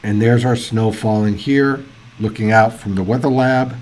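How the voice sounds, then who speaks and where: A man hosting live weather coverage, chatty and excitable, thinking out loud as reports come in. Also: on the low side, moderate pace. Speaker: weather livestream host. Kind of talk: casual live weather commentary.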